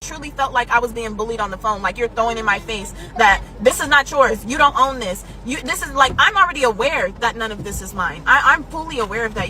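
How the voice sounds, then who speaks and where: A woman's voice: fairly high pitch, sharp tone, poor audio. A woman venting to camera in an exasperated, explaining tone. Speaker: content creator in a clip.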